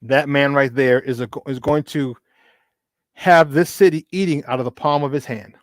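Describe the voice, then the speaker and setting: A man's voice: mid-range voice, moderate pace, dry recording, clean studio sound. A man hosting a morning sports talk show, talking casually and emphatically, repeating his points for weight. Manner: repetitive, emphatic, preachy asides.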